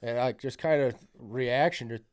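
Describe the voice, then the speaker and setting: A podcast guest, a man with a medium-pitched voice, tells a long story at a moderate pace. His casual storytelling rambles, swears freely, and is packed with fillers.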